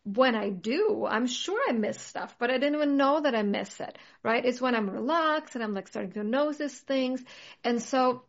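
Earnest reflective woman, slightly high voice, casual chat, muffled lo-fi sound. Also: normal speed. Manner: earnest, reflective, many "like" fillers.

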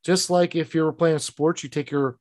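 A man's voice: fairly high pitch, steady tone, normal speed, a little mellow, no room sound, studio quality. A man from Pittsburgh with a Pittsburgh accent, a financial planner talking as a guest in an interview, earnest and rambling with many restarts. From Pittsburgh, Western Pennsylvania. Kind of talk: interview conversation.

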